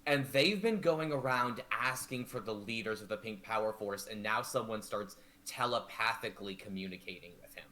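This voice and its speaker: A man's voice: lowish voice, normal speed, hardly any pauses, bright, forceful tone. A man playing a tabletop game, expressively narrating his character's actions. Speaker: player. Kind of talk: tabletop role-play narration.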